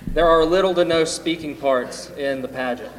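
A man directing a children's pageant in a church sanctuary, reading a storybook aloud with playful swings between loud cries and hushed whispers. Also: on the high side, moderate pace. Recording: echoey hall reverb, faint room ambience.

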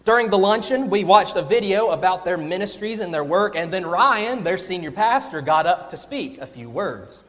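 A young man preaching a sermon, telling a humorous personal story in an animated storytelling manner. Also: high-pitched, moderate pace, hardly any pauses, long reverb tail.

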